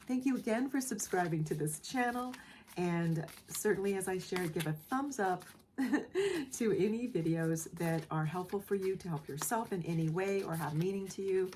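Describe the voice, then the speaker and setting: A woman giving a collective tarot reading in a soft, emotional way, often repeating phrases and checking in with the listener. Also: mid-range voice, animated, moderate pace, a little hiss or hum. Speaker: tarot reader. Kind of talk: gentle spoken tarot reading.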